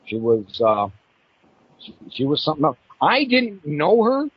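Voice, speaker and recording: Lively, animated male radio storyteller. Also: a little high, unhurried, husky. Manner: animated storyteller, acts out voices in his stories. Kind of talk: casual storytelling on an internet radio show. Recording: dull lo-fi online radio audio.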